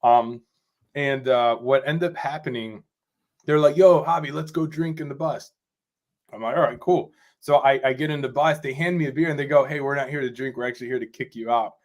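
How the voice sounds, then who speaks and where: Man, drummer guest on a podcast, casual storytelling, rambling, animated, filler-heavy. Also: medium pitch, a little fast. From Rochester, New York. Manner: rambling, animated, repeats "you know what I'm saying".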